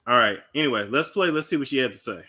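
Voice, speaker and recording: Animated Midwestern man, bright lively voice. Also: medium pitch, fast talker. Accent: Midwestern American. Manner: animated, exclaiming, talks to chat. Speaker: gossip livestream host. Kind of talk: casual commentary.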